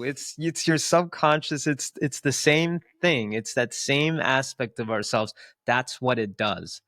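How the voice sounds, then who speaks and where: A man's voice: mid-range voice, a little slow, few pauses, fairly bright tone, no echo, clean studio sound. A man co-hosting a podcast, speaking earnestly and reflectively, repeating words for emphasis. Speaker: podcast co-host. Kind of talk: reflective casual conversation.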